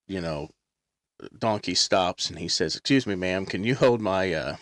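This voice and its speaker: A man's voice: low-pitched, normal speed, a bit bright, no room sound, studio quality. A man hosting a casual chat, rambling and losing his place as he retells an old joke.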